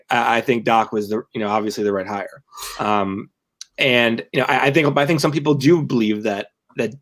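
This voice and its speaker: A young man chatting on a sports podcast with a middle-pitched voice. He rambles, restarting his sentences and filling gaps with "um" and "like" as he works toward his point. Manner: rambling, many restarts and fillers. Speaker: podcast co-host and team writer. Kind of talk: casual podcast chat.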